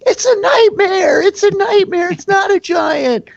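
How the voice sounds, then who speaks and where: A man's voice: extremely high pitch, animated, measured pace, gravelly, highs cut off, voice pushed up, exaggerated voice. A man voicing a terrified male pirate crossbowman who screams in panic during a tabletop game. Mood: panicked.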